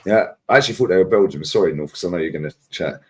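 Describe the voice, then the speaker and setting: A man's voice: low-pitched, very fast, breathy edge. A man with a London accent, a panelist telling a jokey anecdote in casual chat. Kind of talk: casual storytelling.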